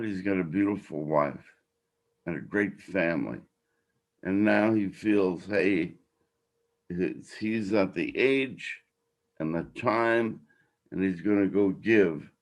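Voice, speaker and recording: Slow, low-voiced older male podcast host. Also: gravelly. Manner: emotional, heartfelt, rambling. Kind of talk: casual podcast talk.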